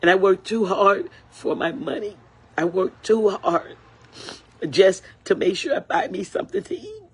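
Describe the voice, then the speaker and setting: Husky older woman ranting angrily. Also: mid-range voice, very animated, measured pace. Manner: angry, repetitive, profane. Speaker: livestreamer. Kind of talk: angry livestream rant.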